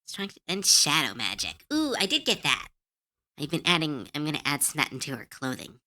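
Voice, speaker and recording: Giggly woman streamer, bright lively voice. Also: deep voice, fairly quick. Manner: giggly, chatty and self-deprecating. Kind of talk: casual livestream chat.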